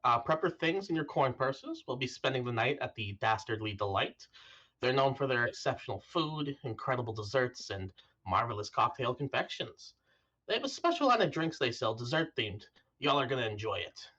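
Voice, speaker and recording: A man's voice: mid-range voice, big pitch swings, normal speed, bright, forceful tone. A man voicing a cheerful, folksy woman carriage driver in a tabletop game, on dull lo-fi stream audio. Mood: friendly. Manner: folksy, chatty.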